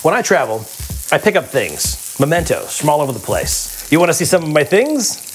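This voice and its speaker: A man hosting a cooking show, chatting excitedly, laughing and swearing as he works. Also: on the high side, moderate pace, slight background noise. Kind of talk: casual cooking demonstration. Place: kitchen studio.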